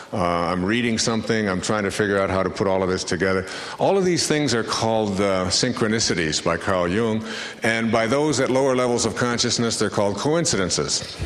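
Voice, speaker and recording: A man's voice: mid-range voice, a bit bright, a little hiss or hum. A man speaking to a live audience, telling a personal story in a conversational, anecdotal way and acting out the voices of the people in it. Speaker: motivational speaker. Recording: roomy lecture hall reverb.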